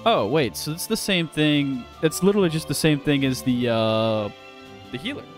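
A man's voice: on the high side, expressive, moderate pace, soft background music. A man hosting a let's play, commenting casually and playfully, sometimes reading game dialogue aloud. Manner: playful, reads dialogue aloud half in character.

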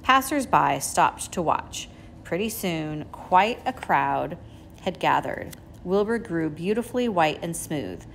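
A woman teacher reads a children's book aloud in a gentle, measured voice. Her voice is low with a gravelly edge, and a faint hiss sits under the recording. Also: lively intonation. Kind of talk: storybook read-aloud.

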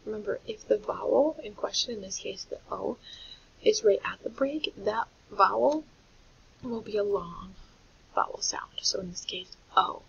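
A woman teaching a recorded phonics lesson to young children, explaining patiently and clearly. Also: medium pitch, normal speed. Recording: dull lo-fi audio with faint hiss.

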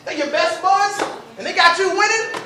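A man from Florida performing a battle rap with a brash, taunting delivery and shouted punchlines. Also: extremely high pitch, moderate pace, noisy background. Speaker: battle rapper. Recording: echoey room, mic far off.

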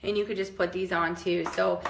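Enthusiastic woman in her fifties, casual vlogger, slightly low pitch, roomy echo. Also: level tone, fairly quick, vocal fry. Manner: chatty and enthusiastic, with many fillers. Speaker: home tour vlogger. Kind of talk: casual product show-and-tell. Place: inside a home. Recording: echoey room, faint noise.

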